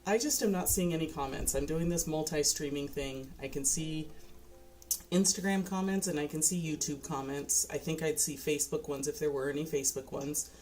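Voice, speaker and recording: A woman's voice: deep voice, darkish tone. A woman chatting casually on a livestream while painting, talking to her viewers and fussing over her dog. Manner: chatty, talks baby-talk to her dog.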